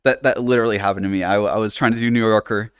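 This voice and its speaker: Livestreaming from his home setup in virtual reality, a man chats casually, rambling with many fillers and restarts, laughing often and swearing offhandedly. His voice is on the low side, very fast, smooth and fairly even in intonation, in a dry, clean studio-sounding recording.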